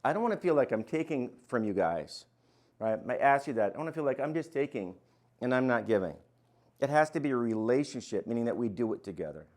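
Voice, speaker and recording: An older man teaching a real estate class, energetic and quizzing his students with questions. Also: mid-range voice, fast. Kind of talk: interactive classroom lecture.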